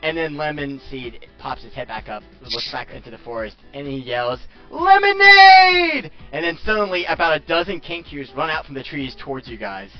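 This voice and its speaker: A man narrating as game master of a tabletop game in an animated, laughing way. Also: medium pitch, a little fast, few pauses. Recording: dull lo-fi audio with faint music.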